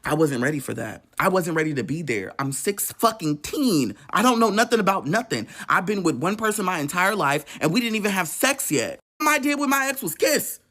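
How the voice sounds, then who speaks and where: A man telling a painful personal story in an emotional, profane, animated way. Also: fairly high pitch, brisk, hardly any pauses. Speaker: storytelling vlogger.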